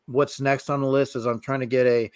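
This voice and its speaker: A male host of a casual livestream interview, speaking at a middle pitch. He rambles, filling gaps and clearing his throat as he goes. The sound is dry and close. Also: little pitch movement, brisk, a little mellow, no echo, poor audio. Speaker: show host.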